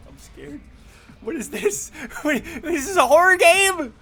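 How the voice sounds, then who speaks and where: A streamer giving let's play commentary with jumpy, excitable reactions while reading a story game aloud. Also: high voice, unhurried, over music.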